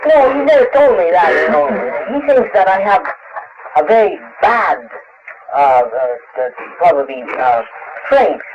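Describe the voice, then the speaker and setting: Man rambling through stories, lots of uh's and restarts, high lively voice, hissy old tape. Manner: halting, many restarts and fillers, laughs often. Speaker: interviewed author. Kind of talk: lecture Q&A, casual storytelling. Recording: dull lo-fi 1960s tape with hiss.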